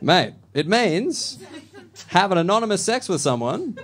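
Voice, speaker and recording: A man's voice: high voice, sing-song, measured pace, a bit bright. A man with an Australian accent doing a blunt, casual stand-up set in a comedy club, often checking in with the crowd. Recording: noisy live club recording.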